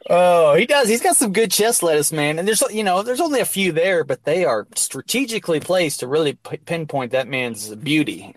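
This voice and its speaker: A man's voice: on the high side, expressive, moderate pace, few pauses. A young man hosting a podcast, chatting casually and crudely, laughing and swearing freely. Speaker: podcast host.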